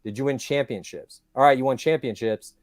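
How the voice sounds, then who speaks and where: The recording is clean studio sound with no room sound, and the man's mid-range voice moves a little fast. He's guesting on a podcast, chatting casually and at length, full of stories and animated points, a long-winded storyteller at heart.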